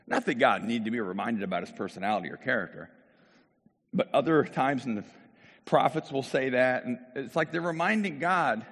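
A man's voice: mid-range voice, animated, moderate pace, fairly bright tone, slightly rough, in a large hall. A middle-aged man preaching a sermon in a conversational way, with rhetorical questions and restarts. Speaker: pastor.

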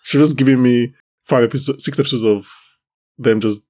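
A man's voice: mid-range voice, steady tone, a little fast, darkish tone. A man hosting a podcast, chatting casually and rambling, with many restarts. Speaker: podcast host. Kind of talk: casual chat about a TV show.

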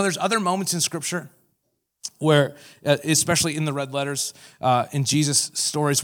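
A man preaching a sermon, retelling scripture as lively storytelling and acting out the people in it. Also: a little high. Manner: animated storytelling, acts out quoted voices. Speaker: pastor.

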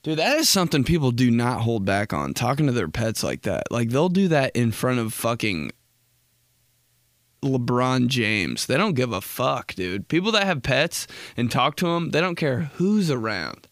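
A male podcast host rambles through stories in a casual, profane, animated comedic monologue. He has a mid-range voice at normal speed, recorded with clean studio sound and no echo.

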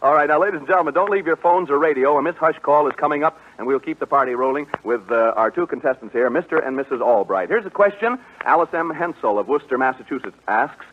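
A man's voice: fairly high pitch, lively intonation, fast, hardly any pauses. A man hosting a live radio game show before a studio audience, jovial and teasing, laughing often. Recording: tinny old radio broadcast with faint hiss.

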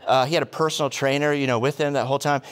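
A man preaching a sermon, telling stories with quick humorous asides and rhetorical questions. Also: mid-range voice, slight background noise. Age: adult, past college. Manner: animated storytelling with asides. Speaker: pastor.

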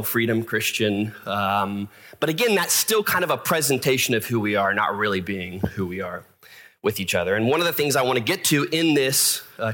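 A man's voice: mid-range voice, fairly bright tone. A man preaching a casual, self-deprecating sermon to his church, with fillers and asides. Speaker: pastor.

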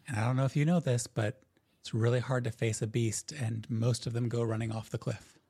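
Gravelly-voiced man running a tabletop game. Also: mid-range voice, fairly quick. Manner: relaxed, descriptive, with frequent restarts. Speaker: game master.

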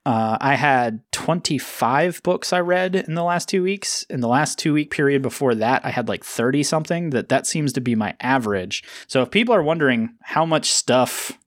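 A man's voice: medium pitch, expressive, normal speed, few pauses, dry recording, clean studio sound. A man co-hosting a comics podcast, chatting casually and tossing in joking asides. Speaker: podcast co-host. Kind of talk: casual chat.

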